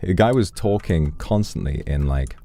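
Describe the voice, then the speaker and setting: A young adult man streaming a game, chatting casually and playfully, joking and stammering when excited. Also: low voice, normal speed.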